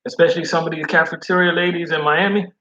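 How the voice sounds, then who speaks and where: A man who is a food service delivery driver, chatting casually in slangy, animated talk. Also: fairly high pitch, fast talker, muffled recording, a little hiss or hum. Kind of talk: casual chat.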